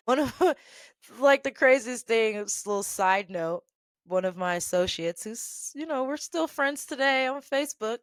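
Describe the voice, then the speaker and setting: A woman telling a work story in a casual vlog, animated and emphatic, repeating phrases for effect. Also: a little high, unhurried, dry recording.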